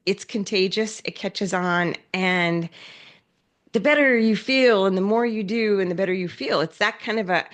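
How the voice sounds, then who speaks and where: A woman's voice: mid-range voice, moderate pace. A woman giving a conference talk, telling stories with lots of energy, acting out the people she quotes, with frequent fillers and restarts. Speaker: conference speaker. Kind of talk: storytelling keynote talk.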